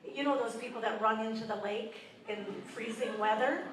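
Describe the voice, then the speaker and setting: A woman's voice: fairly high pitch, fairly even intonation, normal speed, far from the mic, a little hiss or hum. Older woman doing live stand-up, roomy. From Canada. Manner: self-deprecating, conversational with the crowd. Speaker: stand-up comedian. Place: theatre stage. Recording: roomy live venue mic, audience ambience.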